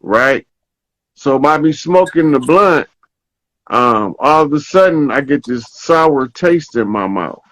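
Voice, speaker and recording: Slow-talking man telling a story. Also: fairly high pitch, lively intonation, a bit bright, no room sound, rough recording. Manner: slow, storytelling, checks in with "right?" often. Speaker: podcast host. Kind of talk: casual spiritual talk.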